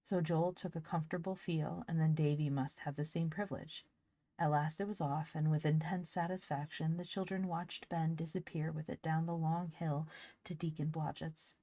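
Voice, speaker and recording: Brief: measured woman audiobook narrator, low pitch, dry sound. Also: fairly even intonation, warm tone, no room sound. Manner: clear, measured storytelling. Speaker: audiobook reader.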